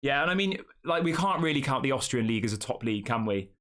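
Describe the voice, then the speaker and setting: Chatty fan show host. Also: male voice, medium pitch, lively intonation, fast, a bit bright. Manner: chatty, reads out viewer comments and answers them. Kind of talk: casual live-stream chat.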